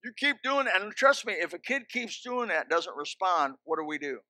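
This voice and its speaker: High, bright-voiced preacher hammering commands. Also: male voice, normal speed, dry recording. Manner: emphatic, repetitive commands with joking asides. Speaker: pastor. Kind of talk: sermon. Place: church. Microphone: handheld or stand microphone.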